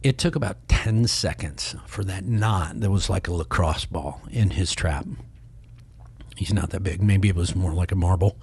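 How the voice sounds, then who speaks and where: Low husky man telling stories. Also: normal speed, no room sound. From Kansas City, Missouri. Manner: rambling, animated, acts out quoted voices. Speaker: podcast guest. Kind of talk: casual storytelling.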